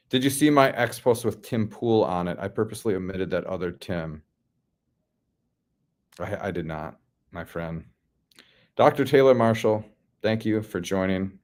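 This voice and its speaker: A man's voice: medium pitch, darkish tone. A man from the Midwest hosting a casual livestream, reading out chat comments and answering in a laid-back, slangy way.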